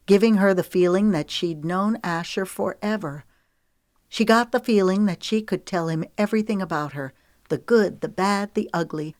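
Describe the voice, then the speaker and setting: A woman narrates a novel in an even, measured storytelling voice. Her pitch sits on the low side, and the recording is dry and close, with no room sound at all. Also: no room sound. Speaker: audiobook narrator. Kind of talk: scripted narration.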